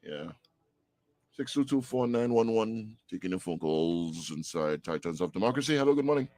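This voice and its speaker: Trinidad radio host guy, lowish voice, brisk and upbeat. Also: animated, a little mellow, dry recording. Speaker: radio talk show host. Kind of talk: call-in radio hosting.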